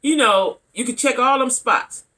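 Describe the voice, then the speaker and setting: A middle-aged woman vlogger telling a story to her viewers in a blunt, animated way, often checking in with them. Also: fairly high pitch, a little slow. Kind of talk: casual storytelling to camera.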